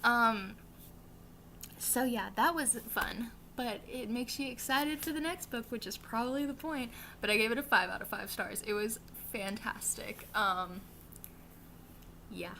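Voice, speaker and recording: A woman's voice: on the high side, measured pace, vocal fry, pushed and bright, slight background noise. A young woman from the American South with a Southern accent, chatting casually and rambling through a book wrap-up, full of fillers and the odd swear. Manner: chatty, rambling, lots of likes and ums, swears for emphasis. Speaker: book vlogger. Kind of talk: casual reading wrap-up chat.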